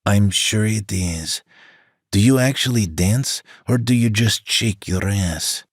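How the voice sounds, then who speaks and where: A brash, flirtatious rich man from a romance audiobook, voiced by a male narrator. He teases with easy cockiness in a low, husky tone. The recording is dry and close. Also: takes it slowly, no room sound. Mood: teasing. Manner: teasing, cocky.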